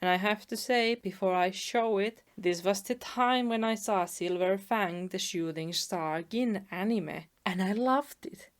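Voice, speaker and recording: A woman, narrating softly and chattily about her old art. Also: medium pitch, unhurried, hardly any pauses. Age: 20s. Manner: soft, chatty, laughs at herself. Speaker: artist vlogger. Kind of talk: casual narration over speedpaint.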